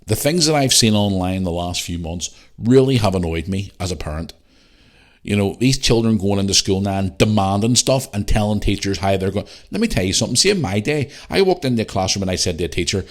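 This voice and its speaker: Low-voiced, blunt, swearing man. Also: lively intonation, fast. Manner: blunt, profane, heated. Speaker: podcast host. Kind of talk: casual ranting monologue.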